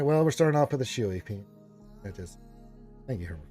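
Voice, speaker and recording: A man's voice: fairly low pitch, animated, brisk, pauses often, darkish tone, slightly rough, soft background music. A man hosting a casual live stream, greeting viewers and reading chat aloud in a rambling, playful way. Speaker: livestream host.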